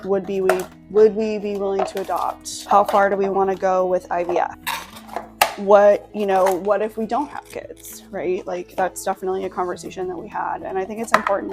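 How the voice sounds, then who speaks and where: A woman's voice: on the low side, vocal fry. A young woman talking casually to her vlog audience, candid and full of fillers like "like" and "you know". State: out of breath. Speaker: vlogger, nurse and business owner.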